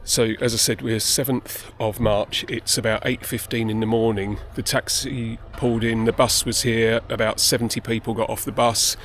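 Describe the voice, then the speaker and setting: A man's voice: mid-range voice, level tone, normal speed, few pauses, fairly bright tone, a little hiss or hum. A man chatting casually and self-deprecatingly while hiking up a busy mountain path, slightly out of breath, filming on a handheld phone held close. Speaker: hiker vlogger. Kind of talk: casual vlog chat. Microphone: handheld phone camera held close.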